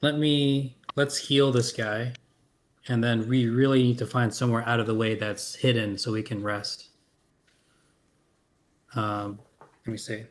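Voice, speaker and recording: A man playing a tabletop role-playing game, thinking aloud with many pauses and fillers. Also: medium pitch, flat delivery, a little hiss or hum. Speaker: player.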